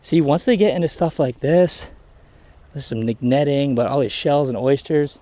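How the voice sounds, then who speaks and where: A man hosting a fishing vlog outdoors on a muddy shoreline, talking to the camera in an excited, chatty way, hot and a bit winded. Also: medium pitch, moderate pace, dry recording. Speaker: fishing channel host. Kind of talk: casual outdoor vlog narration.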